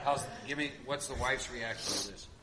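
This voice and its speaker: A man leading a group workshop, animated and coaxing, often breaking into laughs. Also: medium pitch, moderate pace, crowd noise. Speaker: workshop leader. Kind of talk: lively group workshop talk.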